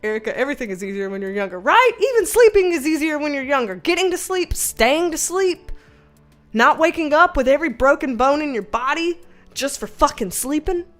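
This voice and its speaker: High-voiced chatty Southern woman. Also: brisk, faint music behind. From American South. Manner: animated, swearing, laughing storyteller. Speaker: livestream host. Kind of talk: casual livestream chat.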